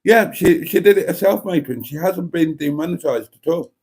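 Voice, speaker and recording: A man's voice: on the high side, lively intonation, moderate pace, darkish tone. A man with a Welsh accent hosting a casual live stream, chatty and self-mocking, laughing often.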